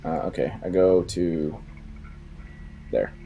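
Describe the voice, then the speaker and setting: A man's voice: low voice, slow, creaky, phone-quality sound, a little hiss or hum. A man playing a tabletop game, hesitant as he counts out his movement. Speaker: player.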